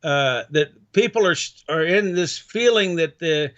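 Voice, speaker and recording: A man speaks as a guest in a casual conversation, halting and full of restarts. His voice sits fairly high, and the audio sounds dull and lo-fi. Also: animated, fairly bright tone. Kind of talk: casual chat.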